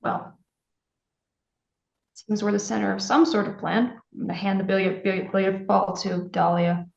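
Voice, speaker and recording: A woman's voice: mid-range voice, steady tone, normal speed, gravelly, echoey room, muffled recording. A woman playing a tabletop game over a video call, hesitantly reading out her dice results. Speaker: player.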